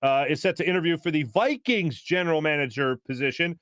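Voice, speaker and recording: A man's voice: on the high side, lively intonation, brisk, a bit bright, no room sound, studio quality. A man, hosting a sports talk show in a chatty, joking way, reading viewer comments and laughing often. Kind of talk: casual live-stream chat reading viewer comments.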